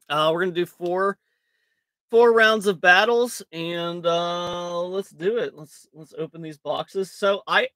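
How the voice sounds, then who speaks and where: A man's voice: fairly high pitch, bright, forceful tone, no echo, clean studio sound. A man hosting a live card break stream in casual chat, jokey and self-mocking, rambling with fillers and laughing often.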